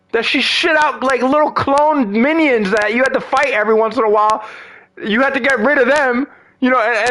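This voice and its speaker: A man's voice: extremely high pitch, pushed and bright. A man ranting in a casual, profane monologue about fighting games, exasperated and slangy. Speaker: gaming vlogger.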